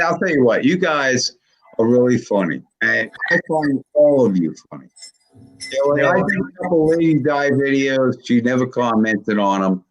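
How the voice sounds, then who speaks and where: A man in his sixties with a gravelly voice, rambling and swearing constantly in casual chat. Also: medium pitch, poor audio. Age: 60s. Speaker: video creator on a live call.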